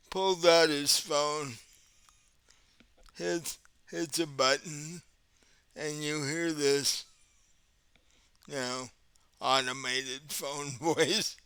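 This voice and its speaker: Slow, crisp-voiced game master. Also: male voice, fairly high pitch, no room sound. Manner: relaxed, chuckling narration. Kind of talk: narrating a tabletop game.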